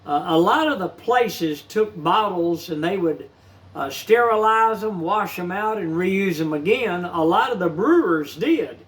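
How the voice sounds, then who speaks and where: A man's voice: high-pitched, expressive, measured pace, fairly bright tone. A man in his seventies telling a childhood story as a channel host, in a folksy way and talking straight to his viewers. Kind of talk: casual storytelling of childhood memories.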